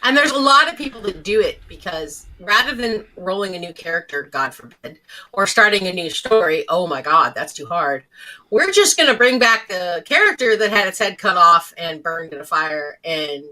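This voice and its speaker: A woman's voice: medium pitch, lively intonation, normal speed, few pauses, bright, forceful tone, low-quality recording. A woman co-hosting a podcast in casual chat, dry, wry and blunt. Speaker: podcast co-host.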